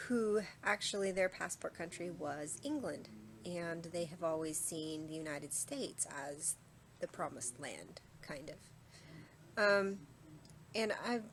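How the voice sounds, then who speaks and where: A woman with a low, fairly deep voice talks straight to her audience in a relaxed vlog monologue. She thinks out loud, circling back and filling pauses with frequent ums. A faint hiss sits under her voice. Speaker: vlogger. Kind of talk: casual talking-head monologue.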